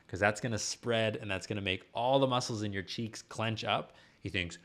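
Guy vocal coach on youtube, lowish voice, walks you through diction step by step. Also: brisk, hardly any pauses, a bit bright. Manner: patient step-by-step explaining with sung and spoken demonstrations. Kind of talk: YouTube singing lesson.

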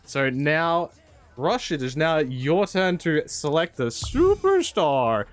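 A man's voice: a little high, very animated, slow, faint music behind. An Australian man hosting a casual gaming video, upbeat and teasing, laughing often. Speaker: host.

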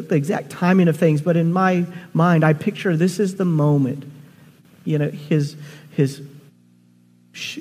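A male pastor preaching a sermon in a church, earnest and halting, often restarting his phrases. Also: fairly high pitch, a little mellow, breathy edge. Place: church sanctuary. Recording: long hall reverb.

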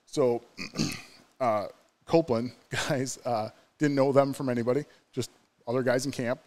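A man's voice: mid-range voice, fairly even intonation, measured pace, darkish tone. Rambling storytelling man from New York. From New York State. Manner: rambling, lots of fillers and laughs. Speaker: podcast guest. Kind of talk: casual storytelling chat.

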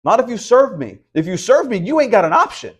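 A man's voice: high-pitched, very animated, brisk, breathy edge. A man, teaching the Bible at a house church. He preaches in an easy, conversational way, often asking the room rhetorical questions. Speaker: pastor.

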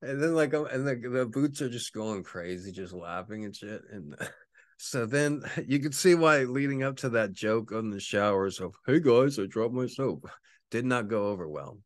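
A man's voice: lowish voice, moderate pace, no room sound, studio quality. A man in his forties, a podcast host, telling a rambling, profane story with frequent laughter. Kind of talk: casual storytelling.

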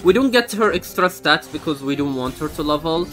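A man's voice: fairly high pitch, animated, brisk, a bit bright, soft background music. A young man giving live commentary on his own game run, exasperated and swearing, with frequent outbursts. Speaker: gamer streaming a speedrun.

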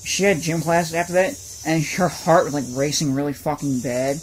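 A man's voice: on the high side, fairly even intonation, normal speed, slight background noise. A young man playing a game on a let's-play, telling a rambling story full of fillers and swearing. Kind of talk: casual gaming chat.

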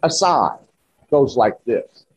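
Slow, husky-voiced preacher man. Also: medium pitch, expressive, poor audio. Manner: slow, emphatic preaching with rising exclamations. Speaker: pastor. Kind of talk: sermon. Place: church.

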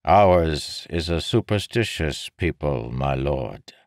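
A sly male king who needles and persuades without ever raising his voice, as a man puts him on. The voice sits very deep and moves unhurried. It sounds like a storybook reading in a dry, close space. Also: dry recording, heavily acted. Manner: smooth, needling, calmly persuasive. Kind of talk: audiobook character voice.

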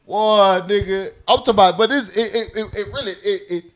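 A man's voice: sits high, quick pace. A man from Little Rock hosting a podcast, telling a story in a casual chat, swearing and acting out the voices. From Little Rock, Arkansas. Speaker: podcast host.

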